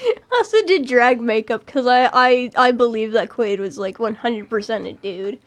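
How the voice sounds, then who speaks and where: A woman's voice: fairly high pitch, normal speed. A woman chatting casually about playing a witness in a mock trial, with lots of laughs and restarts. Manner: chatty, laughing, self-interrupting. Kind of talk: casual chat.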